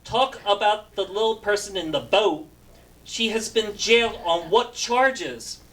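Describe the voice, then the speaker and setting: Male stand-up comic, unhurried, filler-heavy, giggles at his own jokes. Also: sits high, fairly bright tone. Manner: halting delivery full of fillers, laughs at his own jokes. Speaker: stand-up comedian and show host. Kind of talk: stand-up comedy.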